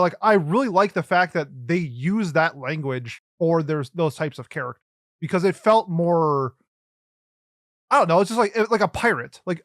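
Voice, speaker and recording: Joking, slightly high-voiced podcast co-host. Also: male voice, a bit bright, no room sound, clean studio sound. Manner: joking, emphatic, playful. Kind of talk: casual group review chat.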